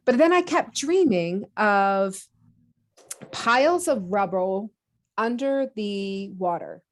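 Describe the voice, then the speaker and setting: A woman on a podcast telling a personal story in a lively, casual way, acting out her own thoughts with quick asides and easy laughs. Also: medium pitch. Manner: many fillers and restarts, laughs easily. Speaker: podcast guest.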